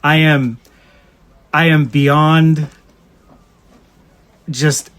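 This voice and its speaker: A man with a slightly raised pitch who rambles through a fired-up rant. He swears freely and restarts his sentences. The setting is a casual podcast chat. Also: fairly even intonation, extremely slow, fairly bright tone. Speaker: podcast co-host.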